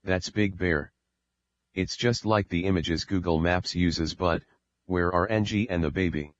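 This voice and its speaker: A man voicing a calm, comforting middle-aged mother in an audiobook, in a steady low voice on a dull recording. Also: a little slow, slight background noise. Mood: urgent.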